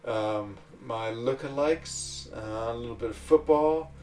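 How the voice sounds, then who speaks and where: A man's voice: mid-range voice, measured pace, darkish tone, far from the mic, soft background music. Rambling, laugh-prone male streamer. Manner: rambling, chatty, laughs often. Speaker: livestream host. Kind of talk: casual livestream chat.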